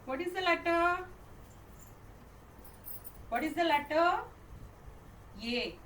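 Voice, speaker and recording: An extremely high-pitched, expressive, fairly bright voice belongs to a woman with an Indian English accent teaching first graders to read. She spells each word out letter by letter and then says it slowly, repeating questions and often asking "okay?" The recording has room echo, a distant mic, and faint noise.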